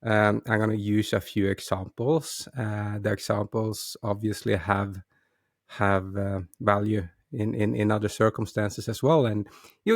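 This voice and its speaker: A man's voice: lowish voice, steady tone, normal speed, creaky, dry recording, clean studio sound. A man hosting his own show, talking casually and hesitantly, with frequent restarts and repeated words. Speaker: host. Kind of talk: casual solo talk.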